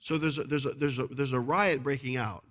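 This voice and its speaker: A man's voice: mid-range voice, steady tone, fairly quick, a bit bright. A male pastor preaching a sermon, emphatic and repetitive, often asking the congregation to agree.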